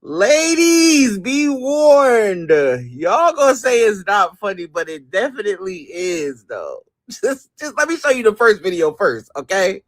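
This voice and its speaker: Slow, animated man saying y'all and bruh. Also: high voice, no echo. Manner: laughing, slangy, addresses viewers as y'all and bruh. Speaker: comedy video commentator.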